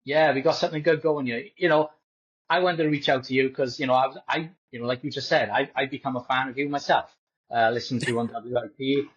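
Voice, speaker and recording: A man chats easily on a sports podcast, often pausing and filling gaps. His pitch is mid for a man, and the recording sounds dull and lo-fi. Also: steady tone, husky. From Wales. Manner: easygoing, hesitant, many fillers. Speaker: podcast co-host. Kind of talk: casual sports podcast chat. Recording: dull lo-fi audio.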